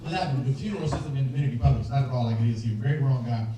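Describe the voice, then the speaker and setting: A young man performing a stand-up comedy set, telling animated stories and acting out quoted voices, recorded on stage with an audience laughing. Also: mid-range voice, very fast. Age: young adult. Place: stage before a live audience. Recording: roomy hall, distant mic, crowd laughter.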